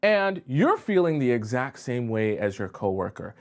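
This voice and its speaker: A man's voice: mid-range voice, sing-song, moderate pace. A male dating coach talking live to viewers, explaining points and often checking in with them. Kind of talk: live-streamed advice talk.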